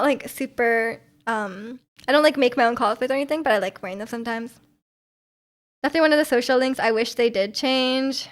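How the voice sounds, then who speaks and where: A woman's voice: fairly high pitch, fairly bright tone. A young woman streaming, chatting casually with viewers and reading their comments, rambling with frequent ums and restarts, her voice slightly sore.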